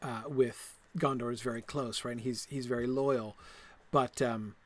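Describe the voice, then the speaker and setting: A host with a mid-range, fairly even voice talks a little slowly while playing a game, giving a casual lecture that rambles off on tangents. He fills it with fillers and restarts, sounding keen and laughing at himself.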